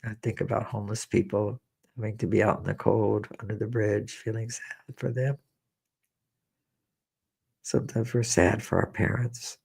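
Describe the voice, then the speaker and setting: Husky, gravelly man guiding a meditation. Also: fairly low pitch, flat delivery. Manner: slow, repetitive, gently coaxing with personal memories. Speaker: meditation teacher. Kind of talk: guided meditation.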